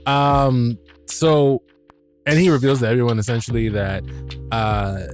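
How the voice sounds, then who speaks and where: A man hosting a podcast, recapping an episode in a casual, excitable way, swearing freely and restarting his sentences. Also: medium pitch, unhurried, soft background music. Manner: animated, swears freely, many restarts and fillers. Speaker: podcast host.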